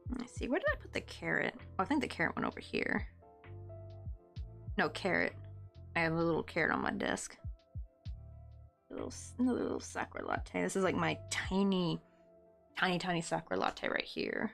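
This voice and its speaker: A woman's voice: on the low side, big pitch swings, fairly quick, gravelly, long pauses, fairly bright tone, soft background music. Chatty woman with a Southern Tennessee accent. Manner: chatty and rambling, full of "like" and "um", answering viewer chat. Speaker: crochet live streamer. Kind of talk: casual chat while crafting on stream. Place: at her desk at home.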